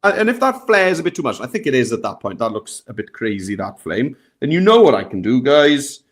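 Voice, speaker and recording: A man hosting a live software lesson, chatting and guiding the viewers step by step. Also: mid-range voice, very animated, a little fast. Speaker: tutorial host.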